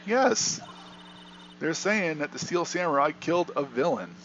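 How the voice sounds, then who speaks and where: A man doing a bubbly high-voiced young woman. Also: expressive, unhurried, a bit bright, highs cut off, slight background noise. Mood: frantic excited. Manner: high, breathless and eager. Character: excitable young woman assistant, bubbly fan. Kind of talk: fan voice-over of a game.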